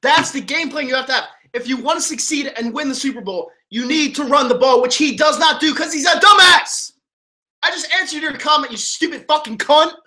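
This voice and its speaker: A very high-pitched, brisk, sharp-toned man streams live, ranting furiously about his football team as he answers viewer comments. He swears constantly, rambles, and keeps stumbling and restarting his words.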